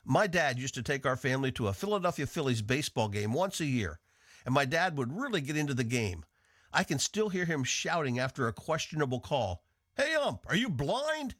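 A man from the northeastern United States teaching a devotional on the radio in an earnest, measured way. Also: medium pitch, animated, a bit bright, dry recording, clean studio sound. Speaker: radio Bible teacher and host.

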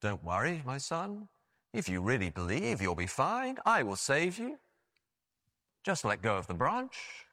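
A man voicing God speaking from heaven, calm and fatherly. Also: mid-range voice, a little slow, no echo, clean studio sound, long reverb tail, heavily acted. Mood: reassuring.

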